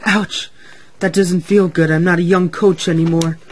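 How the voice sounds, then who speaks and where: Old Slow Coach, a man playing a meek old coach. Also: a little high, a little mellow, close to an everyday voice. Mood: plaintive. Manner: meek and plaintive. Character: old, worn, gentle female railway coach.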